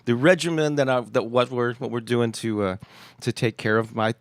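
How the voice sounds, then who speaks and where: A man's voice: mid-range voice, fairly even intonation, no room sound. Congested man hosting a casual live chat. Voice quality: slightly nasal. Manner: halting, many restarts and chuckles. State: congested, scratchy throat. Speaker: host.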